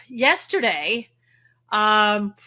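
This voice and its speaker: A woman with a Texan accent hosts a casual livestream from her home in Texas, chatting and greeting viewers by name. Her medium-pitched voice is animated and sharp, with drawn-out words.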